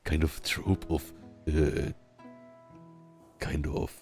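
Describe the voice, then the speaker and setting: A very deep, rumbly male voice with a Southern German accent and a rolled R. He speaks slowly, leaving long pauses as he chats casually to his stream. Soft music plays faintly behind him. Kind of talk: casual chat while gaming.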